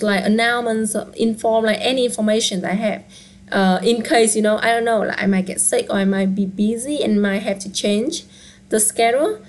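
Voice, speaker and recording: A woman, a Vietnamese teacher whose first language is Vietnamese, answers questions in a casual live-stream Q&A, her throat hoarse and scratchy, talking in a chatty way with plenty of fillers. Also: mid-range voice. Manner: chatty, relaxed, with frequent fillers.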